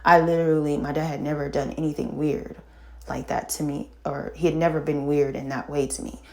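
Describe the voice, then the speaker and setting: A middle-aged woman telling a painful personal story in casual talk, halting and full of fillers and restarts, sighing and shaken. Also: deep voice, flat delivery, gravelly. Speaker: vlogger telling her own story.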